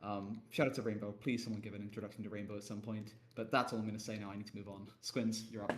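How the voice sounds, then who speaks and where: A man on a video call telling self-deprecating stories about his roleplay mistakes in an animated, casual way. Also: fairly low pitch, fast, a little hiss or hum. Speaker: panelist on a roleplay Q&A stream. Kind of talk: casual chat.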